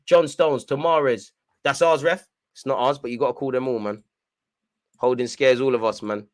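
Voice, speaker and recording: A young man giving live fan commentary on a football match, shouting at the referee and players and urging his team on. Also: mid-range voice, fairly even intonation, moderate pace. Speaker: football watchalong host.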